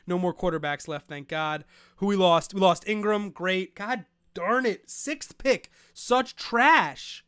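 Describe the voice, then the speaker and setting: Excitable high-voiced young man ranting. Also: normal speed, smooth, no room sound, studio quality. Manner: excitable, swears, rants in frustration. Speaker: fantasy football show host. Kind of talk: live-streamed casual commentary.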